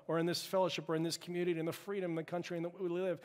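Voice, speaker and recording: A male pastor preaching a sermon with impassioned, emphatic delivery, building to loud peaks. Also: high voice, flat delivery, very fast, hardly any pauses. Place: church sanctuary. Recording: long church-hall reverb.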